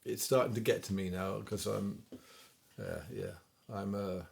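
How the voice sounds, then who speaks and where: A singer-songwriter with an English West Country accent chats casually between songs at home during lockdown, reading dedications for his request show. His voice is on the low side, gravelly and a little mellow, with fairly even intonation and a measured pace. Faint guitar plays behind him.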